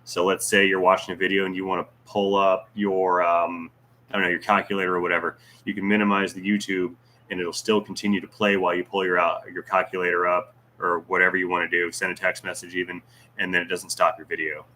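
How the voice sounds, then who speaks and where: A man's voice: low voice, level tone, quick pace, pushed and bright, a little hiss or hum. A man hosting a casual livestream Q&A, reading viewer comments aloud with jokes, teasing and rambling asides. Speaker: YouTube channel host.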